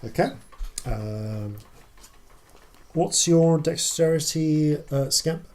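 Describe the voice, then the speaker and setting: A man narrating a tabletop game as dungeon master, halting often with fillers and restarts. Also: a little high, a little mellow.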